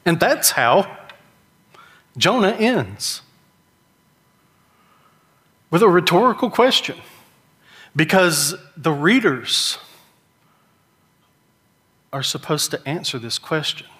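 A middle-aged man delivers a sermon. He tells the story in a folksy, conversational way and slips into whiny voices for the characters. His voice sits a little higher than most men's. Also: very animated, takes it slowly, long pauses, fairly bright tone, big-room sound. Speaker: pastor.

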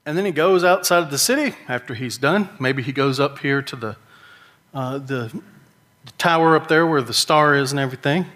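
Middle-aged preacher, folksy storyteller who acts out whiny characters, slightly higher-pitched voice. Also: male voice, moderate pace, fairly bright tone, in a large hall. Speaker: pastor. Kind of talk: sermon.

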